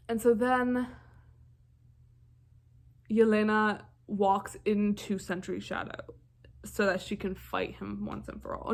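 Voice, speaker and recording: A young woman casually recapping a film's plot in a rambling, enthusiastic way, full of fillers. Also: mid-range voice. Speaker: film reviewer.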